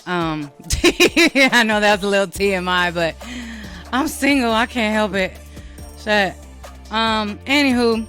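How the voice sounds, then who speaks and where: A woman's voice: fairly low pitch, pushed and bright. A woman with a New York accent hosting a show, talking in a casual, blunt, profane and rambling monologue. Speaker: host.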